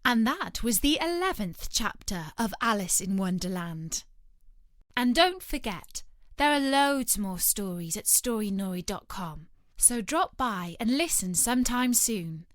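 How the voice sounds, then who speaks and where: A woman narrating a storybook in a gentle, unhurried manner. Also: mid-range voice, lively intonation, no echo, clean studio sound.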